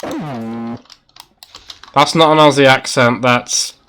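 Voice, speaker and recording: A man's voice: mid-range voice, steady tone, slow pace, a bit bright, a little hiss or hum. A man streaming a game and chatting casually with friends, rambling and swearing as he talks. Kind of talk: casual gaming chat.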